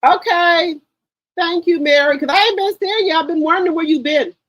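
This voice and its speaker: A woman's voice: very high-pitched, normal speed, a bit bright, no room sound, rough recording. A woman hosting a gossip channel in casual livestream commentary, talking straight to her viewers with heavy swearing.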